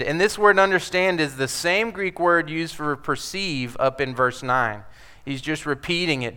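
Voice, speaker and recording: A man's voice: a little high, lively intonation, normal speed, pushed and bright, smooth. A man preaching a sermon as pastor, talking emphatically and conversationally, acting out the scripture he quotes.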